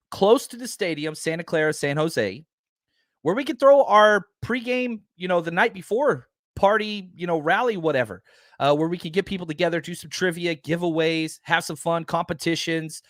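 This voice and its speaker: An energetic man hosts a live podcast, chatting with his viewers and rambling happily through his points with plenty of fillers. His voice sits a little high for a man. The sound is close and dry, with no room around it. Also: no echo. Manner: enthusiastic, rambling with many fillers. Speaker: podcast host. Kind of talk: live-stream podcast chat.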